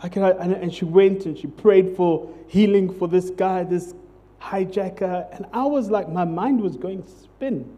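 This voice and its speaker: A pastor preaching in an unhurried, easygoing sermon. His voice sits high for a man yet sounds mellow and warm. He keeps it conversational and jokey, checking in with the congregation as he goes.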